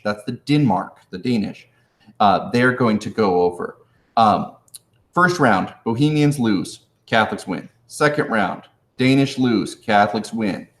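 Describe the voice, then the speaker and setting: A man teaching history in a casual live review, joking with viewers in chat and acting out historical figures in slangy voices. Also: on the low side. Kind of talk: live-streamed exam review. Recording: echoey room.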